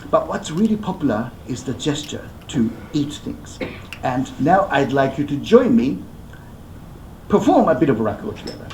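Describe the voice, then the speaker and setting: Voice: mid-range voice, big pitch swings, normal speed, a little mellow, echoey room, a little hiss or hum, low-quality recording. Playful performer coaching a live audience. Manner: playful, coaxing, gives step-by-step instructions. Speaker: rakugo performer.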